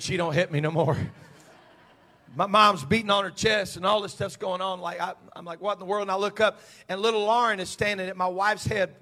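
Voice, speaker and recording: A man pastor preaching a sermon in a church, moving from quiet storytelling to shouted climaxes. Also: sits high. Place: church sanctuary.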